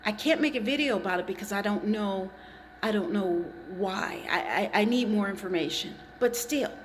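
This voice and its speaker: A woman's voice: mid-range voice, moderate pace, in a large hall, a little hiss or hum. A woman talking straight to the camera in an impassioned monologue, with emphatic, accusatory phrasing and pointed repetition. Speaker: vlogger.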